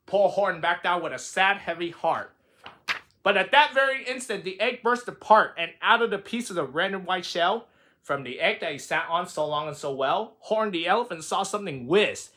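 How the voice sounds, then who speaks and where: A man's voice: sits high, animated, normal speed, pushed and bright. A man reading a rhyming picture book aloud with a sing-song delivery. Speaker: reader.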